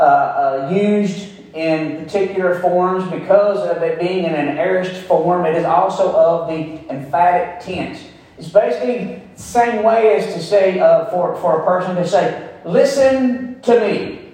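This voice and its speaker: Folksy high-voiced pastor in echoey church. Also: male voice, unhurried, a little mellow. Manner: folksy, emphatic, repeats phrases for stress. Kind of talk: sermon. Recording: very echoey room, mic far off.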